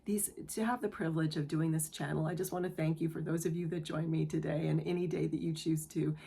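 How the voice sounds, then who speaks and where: Her voice is low, steady, creaky and husky, and she speaks fast as she hosts a spiritual tarot reading on her own channel. This woman is gentle, earnest and affirming with her viewers, emotional to the point of nearly crying.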